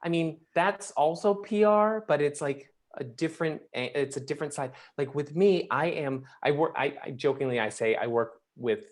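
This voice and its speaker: A man working as a publicist, talking as a guest on a podcast in a chatty, animated way with many restarts. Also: on the high side, normal speed, hardly any pauses. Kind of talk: casual podcast conversation. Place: Los Angeles.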